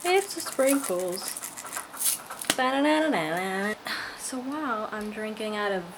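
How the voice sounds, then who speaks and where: A woman's voice: mid-range voice, expressive, measured pace, noisy background. A tired woman chatting casually to her viewers at home, rambling and playful as she goes. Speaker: vlogger. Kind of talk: casual vlog chat.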